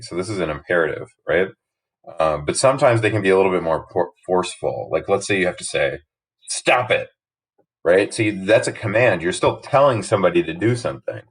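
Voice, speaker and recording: A man's voice: low-pitched, rough recording. A young man teaching grammar from slides in a casual, explaining way, often checking in with "right?". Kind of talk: recorded slide lesson narration.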